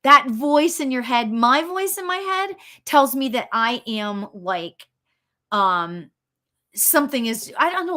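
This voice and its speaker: A woman hosting a casual live talk as a spiritual medium, chatty and encouraging, laughing easily and reading viewer comments aloud. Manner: animated, leaps in pitch, laughs often.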